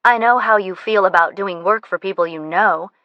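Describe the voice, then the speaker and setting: A woman's voice: medium pitch, normal speed, no room sound, dull audio, close to an everyday voice. Eager earnest young woman in an audiobook, read by a woman, dry sound.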